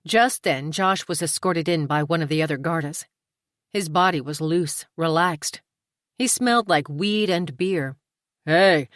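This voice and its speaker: A woman reads an audiobook in a measured, even way. Her voice is low, and the recording is dry and close. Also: dry recording. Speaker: audiobook narrator. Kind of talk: scripted audiobook narration.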